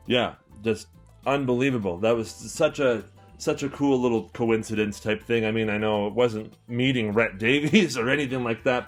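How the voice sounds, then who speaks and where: A young man from Canada talks through a beloved record in a loose, excitable review, his low voice tripping over fillers and restarts. Faint music plays behind him. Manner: enthusiastic, rambling with many fillers and restarts. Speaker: record collector and store owner, channel host. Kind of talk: casual album-review chat to camera.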